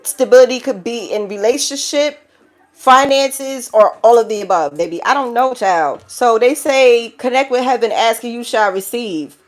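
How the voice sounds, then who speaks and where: A woman's voice: fairly high pitch, moderate pace. A woman with a New York accent giving a collective tarot reading, blunt and profane, preaching to viewers and calling them child and baby. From the Bronx, New York. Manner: blunt and profane, laughing through the talk. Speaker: tarot reader.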